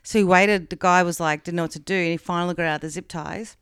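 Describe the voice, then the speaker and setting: A woman's voice: on the low side, steady tone, fast talker, fairly bright tone, clear, resonant tone, dry recording, clean studio sound. An Australian woman on a podcast, casually retelling a true-crime story in a frank, chatty way with plenty of fillers. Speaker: podcast co-host.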